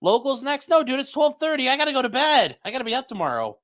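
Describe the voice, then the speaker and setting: A man's voice: extremely high pitch, very animated, fast talker, a bit bright. A young man hosting a late-night livestream, joking crudely and reading chat messages aloud from home. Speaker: livestream host reacting to a trial.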